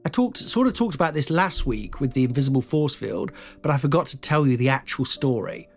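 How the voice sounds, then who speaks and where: A man's voice: mid-range voice, fairly quick, soft background music. A man in his forties casually telling a funny personal story as podcast host, swearing and acting out the voices. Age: 40s. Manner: lively, swears, acts out voices.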